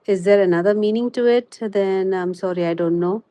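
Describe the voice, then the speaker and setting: A chatty woman streaming a crochet lesson speaks in a mellow, medium-pitched voice on a muffled recording without echo. Her live tutorial and chat is sprinkled with "you know" in the pauses.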